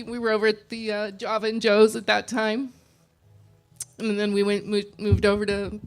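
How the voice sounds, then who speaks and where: A woman giving a eulogy for her father, speaking softly and hesitantly, close to tears. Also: medium pitch. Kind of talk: memorial speech.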